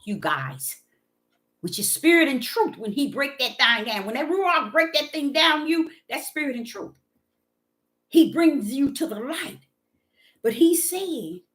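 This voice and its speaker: A woman preaching with fervor in a rhythmic, repetitive monologue that swings between loud declarations and soft asides. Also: high-pitched.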